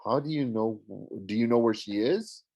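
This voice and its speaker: A man voicing an awkward, defiant teenage boy in an audiobook, flustered with quick retorts. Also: mid-range voice, a little mellow, close to an everyday voice. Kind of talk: audiobook character voice.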